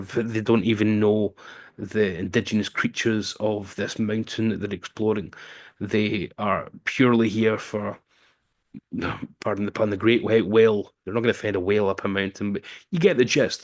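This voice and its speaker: A man casually recapping a film's plot as a reviewer, with wry asides and frequent um fillers. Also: fairly low pitch. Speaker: film reviewer.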